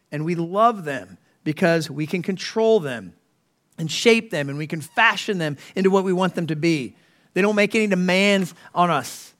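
A man's voice: high-pitched, a bit bright. A man, a pastor in his thirties, preaching an earnest sermon full of rhetorical questions.

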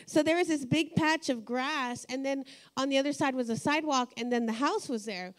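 A woman's voice: sits high, a little fast. A middle-aged woman pastor giving a sermon, telling personal stories and laughing often as she talks. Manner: warm storytelling, laughs often.

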